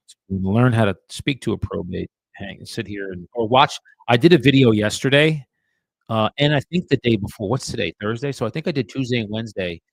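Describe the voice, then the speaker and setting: A real estate agent makes cold calls on a live stream and drops casual asides to his audience. He has a lowish, creaky voice. The sound is clean, studio-like, and free of echo.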